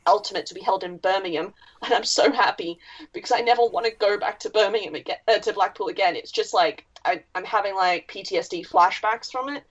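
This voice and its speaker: A woman's voice: mid-range voice, a little fast. An Australian woman in blunt, wry podcast chat who swears casually. Her voice sits in a middle range and comes through a slightly dull, lo-fi recording. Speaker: podcast co-host.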